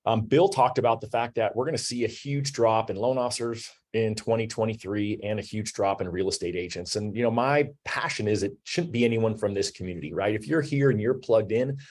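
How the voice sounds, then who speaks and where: A man in his forties hosts an online business talk, his voice sitting fairly low. He speaks in a loose, conversational way, leaning on "you know" and "um" as he thinks aloud. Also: a little fast, few pauses, a little mellow. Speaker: host. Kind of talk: webinar talk.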